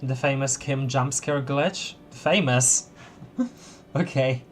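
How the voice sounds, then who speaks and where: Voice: medium pitch, takes it slowly, faint music behind. A streamer casually commenting while playing a game, chatty and laughing often. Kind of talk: casual let's-play commentary.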